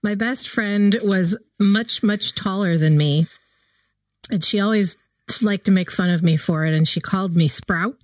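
A woman's voice: medium pitch, measured pace, no room sound. A woman co-hosting a podcast in casual chat, telling stories with animation and frequent laughter. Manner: animated storytelling, laughs often. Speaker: podcast co-host.

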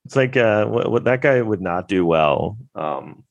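A man's voice: fairly low pitch, expressive, unhurried, dry recording, lo-fi sound. A man vlogging casual movie commentary in a rambling, wry way with lots of fillers.

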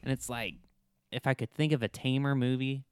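An easygoing, enthusiastic man talking through a film on a casual podcast. His voice is smooth and clear, recorded close and dry. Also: mid-range voice, little pitch movement, brisk, no room sound. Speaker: podcast co-host.

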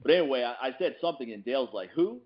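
A man hosts a relaxed podcast conversation, swapping anecdotes and laughing easily. His voice sits at an everyday pitch. The sound is a little muffled, like a home podcast mix. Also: racing. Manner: lively storyteller who laughs often. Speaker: podcast host. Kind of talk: casual podcast chat.

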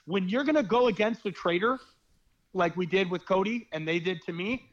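A young man, a former reality game contestant, telling stories in a rambling, animated casual chat. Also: sits high, moderate pace, muffled recording. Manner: rambling, animated storytelling with fillers.

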